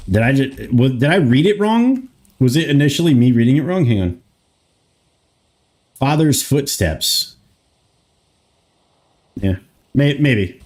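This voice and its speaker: Speaking slowly with frequent pauses, this thirtysomething American man has a mid-range, sing-song voice with a darkish tone. He rambles through a game stream, talks back to his chat, and swears casually.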